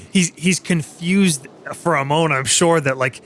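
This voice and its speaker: A man narrating as game master in a tabletop game, halting and full of fillers and restarts. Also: on the high side, a bit bright, slight background noise.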